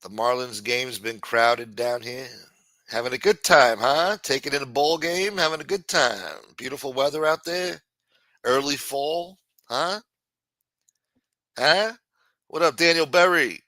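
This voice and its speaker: A bright, forceful man hosts a late-night live stream and riffs on viewer comments. His talk rambles and is full of cursing. The sound is dry and close to the mic. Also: mid-range voice, a little slow, dry recording. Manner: profane, rambling and riffing. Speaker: live-stream show host. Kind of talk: casual chat, reading viewer comments.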